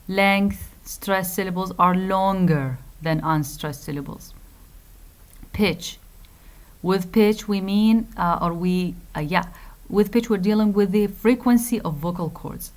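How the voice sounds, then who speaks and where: A woman lecturer, an Arabic speaker, teaching a phonetics class slowly, with many fillers, repeated phrases and asides in Arabic. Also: lowish voice. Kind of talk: recorded lecture.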